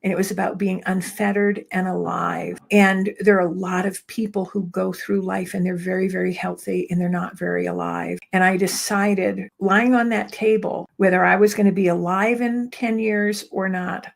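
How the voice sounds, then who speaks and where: A middle-aged woman telling her own story as an interview guest, earnest and measured, building her points through repeated phrases. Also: mid-range voice, steady tone, vocal fry. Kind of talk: reflective conversational storytelling.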